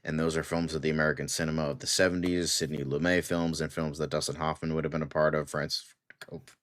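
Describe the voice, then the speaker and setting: A man's voice: extremely low pitch, little pitch movement, fast talker, a bit bright, no room sound. A man co-hosting a casual podcast chat, sarcastic and profane, slipping into mocking impressions. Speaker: co-host.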